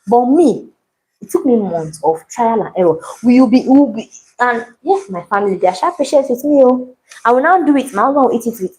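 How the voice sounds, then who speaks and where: A woman's voice: on the high side, fairly quick, low-quality recording. Lady teaching bread live, voice swings up and down a lot, jokes as she goes. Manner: animated, dramatic storytelling with playful asides. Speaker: baking instructor. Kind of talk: live baking class with storytelling.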